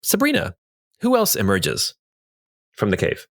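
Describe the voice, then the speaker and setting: A man's voice: lowish voice, huge pitch swings, unhurried, fairly bright tone, no echo, studio quality. A man narrating a tabletop game as game master, in dramatic storytelling that turns to loose prompting of the players.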